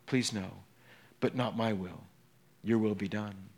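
A man giving voice to Jesus as he prays in anguish, hushed and pleading, inside a sermon. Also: lowish voice, fairly even intonation, takes it slowly, husky, pitched below the performer's own voice, exaggerated voice.

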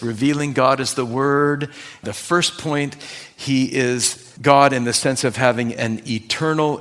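A middle-aged man, a pastor, preaching a Bible study sermon with expressive, drawn-out emphasis on key words. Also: medium pitch.

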